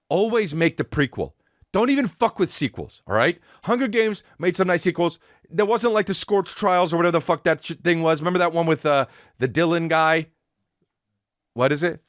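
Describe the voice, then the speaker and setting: A slightly high-voiced man hosts a podcast and launches into a casual comedic rant that's loose, foul-mouthed, and animated, occasionally breaking into song. The recording is dry and studio quality.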